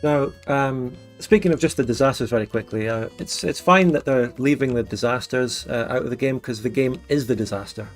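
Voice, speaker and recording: Guy rambling and joking on a stream, mid pitch, faint music under him. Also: brisk, hardly any pauses. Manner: rambling, joking, many fillers. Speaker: streamer host. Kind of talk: casual livestream chat.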